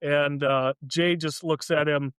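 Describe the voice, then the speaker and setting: Brief: male podcast co-host, raised voice, animated scene retelling, dry studio sound, frequent laughter. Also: on the high side, takes it slowly, clean tone, no echo. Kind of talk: casual podcast chat.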